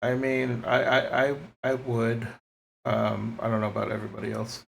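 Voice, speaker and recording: A man's voice: mid-range voice, completely flat delivery, moderate pace, vocal fry, fairly bright tone, slight background noise. A man playing a tabletop game, talking hesitantly with many fillers. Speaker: player. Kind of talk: casual tabletop play.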